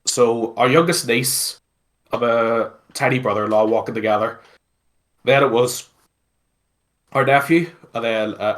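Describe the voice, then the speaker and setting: Chatty Belfast man telling a story. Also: mid-range voice. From Northern Ireland. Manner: animated, swears freely, many fillers. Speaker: interview guest, streamer. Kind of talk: casual storytelling.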